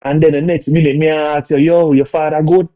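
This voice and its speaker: A laid-back man from Jamaica who speaks broad Jamaican Patois, warm and mellow in tone. He rambles in a relaxed rant and keeps checking that the listener is following him. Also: on the high side, a little fast. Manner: laid-back, keeps asking "you see me". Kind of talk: casual TikTok rant.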